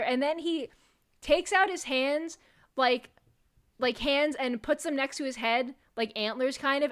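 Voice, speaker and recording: A young adult woman streamer telling a story in a casual, animated way, with frequent swearing and rambling asides. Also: sits high, unhurried. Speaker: VTuber streamer.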